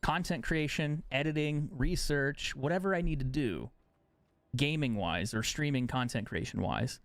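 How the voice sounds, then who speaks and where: A man's voice: medium pitch, normal speed, no echo. A young man streaming a game live, chatting casually and sarcastically, swearing freely. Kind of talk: casual chat while gaming live.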